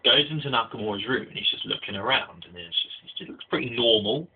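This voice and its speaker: A man's voice: mid-range voice, quick pace, slightly rough. A young man giving a casual spoken anime review, rambling with restarts and fillers, recorded on tinny phone-like audio.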